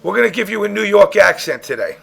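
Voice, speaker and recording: High-pitched, gravelly joking host. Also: male voice, big pitch swings, fast talker, a bit bright. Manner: playful, laughing, coaching others. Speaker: podcast host. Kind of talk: joking casual chat.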